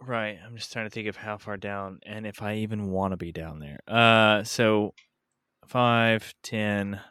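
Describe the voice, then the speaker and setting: Tabletop player guy, low voice but bright and clean, dry sound, lots of ums. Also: steady tone, a little slow, clean tone, no echo. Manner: thinking aloud, hesitant. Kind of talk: casual chat at a game table.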